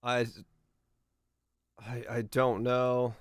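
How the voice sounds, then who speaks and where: A male streamer chats loosely while puzzling over where he is, thinking out loud and swearing now and then. His voice is smooth and resonant at a middle pitch. The sound is dry and close, with no room around it. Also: flat delivery, very slow, no echo. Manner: laid-back, musing aloud, laughing often, swearing. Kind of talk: casual live-stream chat while playing a geography game.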